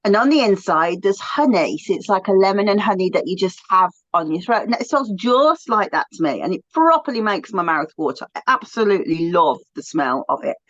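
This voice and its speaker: A woman's voice: medium pitch, dry recording, muffled recording. A woman with a British accent, co-hosting a casual chat in a chatty, enthusiastic way. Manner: chatty, enthusiastic, self-talking asides. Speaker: podcast co-host.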